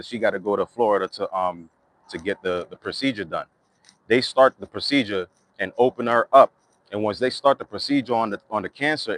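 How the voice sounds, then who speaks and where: A man's voice: mid-range voice, a bit bright, no room sound. Young male artist venting straight to camera, cursing freely, dry close sound, voice in a middling range. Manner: raw, profane, rambling and emotional. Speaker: music artist. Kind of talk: candid monologue to camera.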